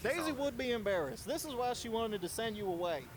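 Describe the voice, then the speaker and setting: A man's voice: extremely high pitch, lively intonation, fairly quick, pitched above the performer's own voice, poor audio. A man voicing a goofy, exasperated adult male cartoon dog in a comedy sketch, with a Southern country drawl and a nagging, scolding manner. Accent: American Southern country drawl.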